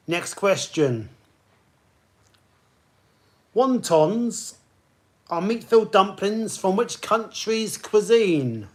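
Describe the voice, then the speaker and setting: Man, quiz host, higher voice, chatty, greets players. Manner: chatty, greets players by name between questions. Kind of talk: live-streamed pub quiz hosting.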